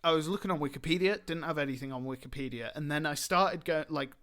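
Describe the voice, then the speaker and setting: A man's voice: on the high side, quick pace, a bit bright. A man co-hosting a podcast in casual chat, rambling and laughing often. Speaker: podcast co-host.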